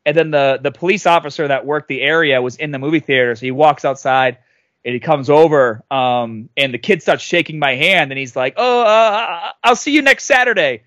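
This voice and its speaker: A man in his late thirties telling a story casually on a podcast, animated and loudly acting out the people he quotes. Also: medium pitch, fairly quick, no room sound. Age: 30s. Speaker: podcast guest.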